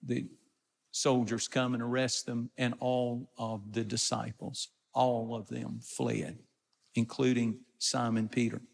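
Slow-preaching man in a reverberant hall. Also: mid-range voice, flat delivery, gravelly. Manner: retells scripture and explains it in plain words. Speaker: pastor. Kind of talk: sermon.

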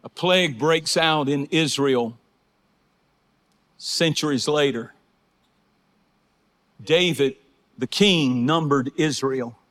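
A man preaching a fervent sermon, swinging between shouted praise and hushed storytelling. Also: fairly high pitch, takes it slowly, pauses often. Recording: hall reverb.

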